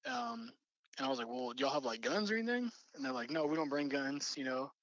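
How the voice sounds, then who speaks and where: A man's voice: mid-range voice, very animated, fast, gravelly, fairly bright tone, no room sound, highs cut off. Man telling a campfire tale. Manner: rambling, many fillers and restarts. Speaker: storyteller recounting an encounter. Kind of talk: casual spoken storytelling.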